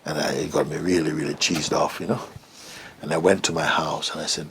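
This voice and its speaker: A man's voice: extremely low pitch, level tone, a little fast, gravelly, fairly bright tone, a little hiss or hum. A middle-aged man recounting a personal story as an interview guest, reflective and hesitant, sometimes dropping to a whisper. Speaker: interview guest, spiritual teacher.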